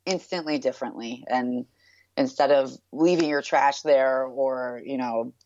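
A woman's voice: a bass voice, a little slow, darkish tone, slight background noise. A woman in her thirties from New York, guest in an interview, talking in a chatty, upbeat way with many filler words. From New York, USA. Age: 30s. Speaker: guest, brand founder. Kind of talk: casual interview chat. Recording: dull, lo-fi and dry.

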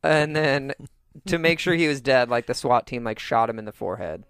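A man's voice: medium pitch, expressive, normal speed, creaky, fairly bright tone, clear, resonant tone, no echo. A man co-hosting a casual movie chat, making dry, sardonic asides. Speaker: podcast co-host.

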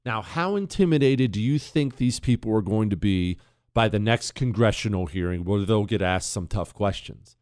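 A man's voice: fairly low pitch, moderate pace. A middle-aged man hosting a radio talk show, delivering an opinionated, sarcastic monologue. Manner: animated, sarcastic, mocks others in put-on voices.

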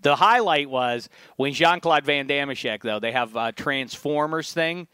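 A man hosting a sports podcast, chatting casually with jokey, animated banter. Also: on the high side, unhurried, smooth, dry recording. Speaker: podcast host.

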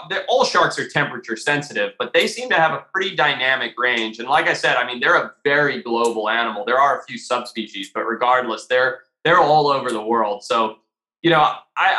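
A man telling a story as a podcast guest, animated and casual, swearing freely and filling his talk with "like" and "you know.". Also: medium pitch, fairly quick, echoey room. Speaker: podcast guest, shark diver.

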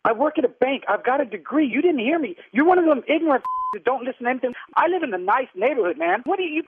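A man on a prank call, indignantly shouting insults at the caller. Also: extremely high pitch, husky, no room sound. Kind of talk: angry phone argument. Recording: tinny phone line.

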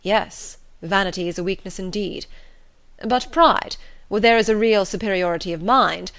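A woman reading the part of a proud, reserved young gentleman in a measured, formal way. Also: mid-range voice, close to an everyday voice. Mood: grave.

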